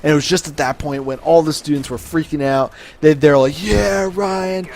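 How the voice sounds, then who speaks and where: A man's voice: on the high side, level tone, brisk, darkish tone. A young man telling a casual, profane story to camera, with a swaggering manner and plenty of fillers and restarts. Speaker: vlogger telling a life story.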